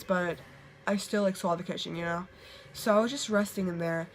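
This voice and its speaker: A young woman vlogger casually telling ghost stories to the camera, full of "like" fillers and quick laughs. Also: mid-range voice, a little hiss or hum. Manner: chatty, lots of "like" fillers, quick laughs, acts out quotes.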